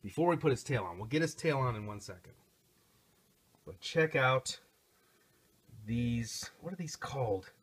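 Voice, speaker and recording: Excitable middle-aged man, husky voice. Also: medium pitch, measured pace, long pauses. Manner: excitable, rambling, chatty asides to viewers. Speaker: toy reviewer. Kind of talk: casual hands-on toy review. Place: home recording station.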